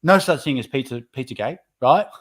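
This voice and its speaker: A man's voice: mid-range voice, lively intonation, a little fast. A man co-hosting a casual podcast chat over a beer, heated and ranting, swearing often. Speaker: podcast co-host.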